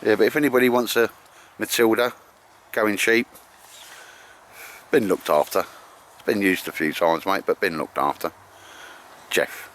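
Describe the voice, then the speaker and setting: Pitched on the low side with a fairly bright tone, this vlogger keeps his intonation fairly even and his pace measured, pausing often. Filmed on a cold day in the woods, he jokes and chats while teasing his mates on a bushcraft trip, and a little hiss or hum is audible.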